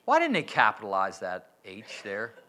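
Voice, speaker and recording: A man preaching a sermon, working through a verse with lots of questions to his listeners and slow, stressed quotations. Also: on the low side. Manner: questioning, lively emphatic delivery with drawn-out quotes.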